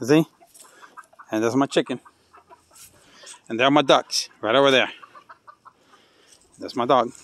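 A man filming his birds and pets in an outdoor yard on a handheld phone, coaxing and talking to them and to the camera in an excited, repetitive way. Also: mid-range voice, unhurried, long pauses. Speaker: backyard animal keeper filming his pets. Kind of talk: casual home video narration. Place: outdoor yard with geese, chickens and ducks.

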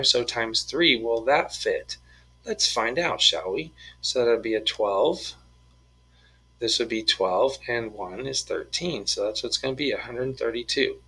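A male math teacher works through problems aloud, step by step, cracking small jokes as he goes. His voice is bright and forward with a slightly husky edge. He sounds easygoing and playful. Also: mid-range voice, poor audio. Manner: playful, jokey, talks through each step. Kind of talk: screen-recorded math lesson, working problems aloud.

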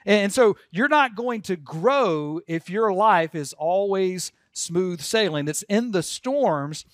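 A man's voice: high voice, animated, slow, no echo, clean studio sound. A man preaching a sermon as pastor, earnest and leading the congregation to repeat words aloud. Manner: earnest, leads congregation in call-and-response.

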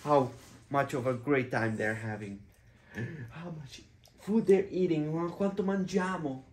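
A man's voice: on the high side, measured pace, darkish tone, roomy sound. A father playfully teaching his young children simple words, patiently repeating each one. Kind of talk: playful kids' vocabulary lesson.

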